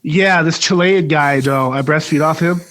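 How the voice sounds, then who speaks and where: A man's voice: a little high, moderate pace, fairly bright tone. A man co-hosting a podcast in casual chat, rambling and joking. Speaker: podcast co-host.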